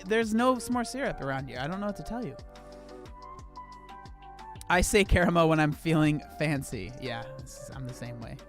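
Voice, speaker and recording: A man live-streaming in a casual chat, animated and incredulous as he talks to his viewers. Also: on the high side.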